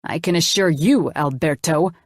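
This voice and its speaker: A woman's voice: sits low, normal speed, no echo, studio quality. A woman voicing a wealthy man who talks in an authoritative, demanding way. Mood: commanding.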